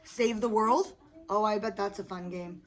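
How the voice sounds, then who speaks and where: This elementary school teacher speaks at a moderate pace in a medium-pitched voice. Patient and encouraging, she leads a small group of young children through a lesson and praises them often, with the classroom recording noisy from the kids' chatter.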